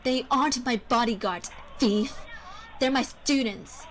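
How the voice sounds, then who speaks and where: Woman doing a bossy princess in a radio play, kinda high voice, imperious. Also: measured pace, slight background noise, natural voice. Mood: indignant. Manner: imperious and commanding. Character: haughty young princess, fierce fighter.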